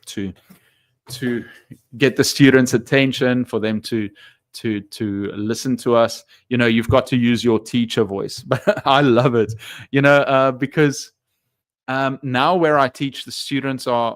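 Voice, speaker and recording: A man's voice: mid-range voice, dry recording, clean studio sound. Chatty man reading viewer comments. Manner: rambling, many fillers and restarts, reads viewer comments aloud. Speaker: English teacher streaming live. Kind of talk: casual live-stream chat.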